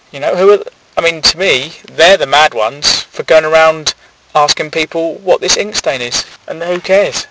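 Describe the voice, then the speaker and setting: A man's voice: a little high, moderate pace, noisy background. Rambling silly man, distant mic. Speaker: comedy podcast host. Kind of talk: rambling comic monologue.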